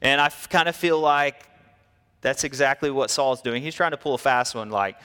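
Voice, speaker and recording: A man preaching a sermon, telling stories in a lively way and acting out the people in them. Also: medium pitch, normal speed, smooth, big-room sound. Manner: storytelling, animated, acts out quotes. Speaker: pastor.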